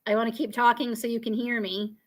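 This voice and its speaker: A woman hosting a live stream in casual chat, chatty and quick to laugh, talking over a video call. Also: fairly high pitch, level tone. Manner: chatty, laughs often, filler-heavy.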